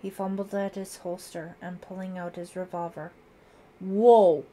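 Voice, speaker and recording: A woman narrating a thriller audiobook in a measured, dramatic reading. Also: on the low side, level tone, dark tone, a little hiss or hum.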